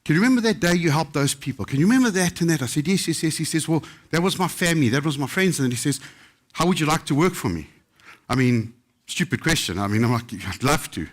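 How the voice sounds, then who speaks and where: At a book festival, a middle-aged chef swaps anecdotes in a loose, lively storytelling style, acting out the lines he quotes. His voice sits on the high side and he talks fast.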